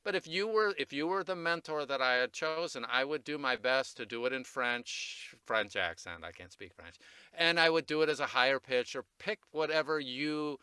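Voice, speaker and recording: A man's voice: mid-range voice, moderate pace, bright, forceful tone, clean tone, dry recording. A man coaching voice actors in a casual podcast chat, rambling and self-deprecating, laughing easily. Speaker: voice recording coach, guest.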